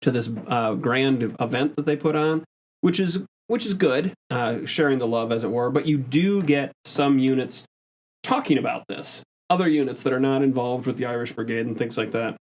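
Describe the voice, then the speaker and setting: Guy reading civil war stuff out loud on a podcast, mid pitch, stumbles a bit, laughs along. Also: normal speed. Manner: reads old texts aloud, stumbles on words, laughs along. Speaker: podcast host presenting history. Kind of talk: casual chat, reading historical accounts aloud.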